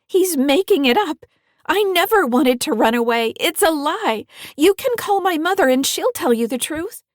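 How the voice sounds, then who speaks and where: A woman voicing a frightened, defiant teenage girl who pleads in a high, loud voice. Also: lively intonation, normal speed, no echo, clean studio sound. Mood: pleading.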